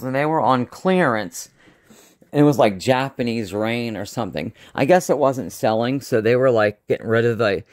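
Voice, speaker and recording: A male vlogger with a medium-pitched voice rambles casually through a show-and-tell video. His speech has a slight lisp and is slightly slurred, and he often halts and starts over.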